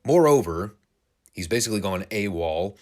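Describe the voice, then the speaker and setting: Lively low-voiced man recapping wrestling. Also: moderate pace. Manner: animated, laughing, casual swearing. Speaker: wrestling show reviewer. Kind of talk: casual recap commentary.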